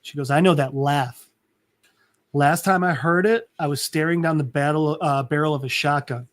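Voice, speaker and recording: Animated man retelling a comic. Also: fairly high pitch, moderate pace. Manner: animated retelling, acting out characters' lines. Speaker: podcast co-host. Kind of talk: casual chat recapping a comic.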